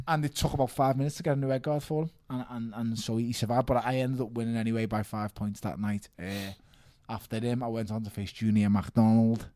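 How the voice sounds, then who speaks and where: Give me a lively man telling boxing stories, close and dry. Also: mid-range voice, fast talker, no echo. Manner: animated, laughing, shouts quoted lines. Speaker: guest boxer. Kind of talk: podcast storytelling.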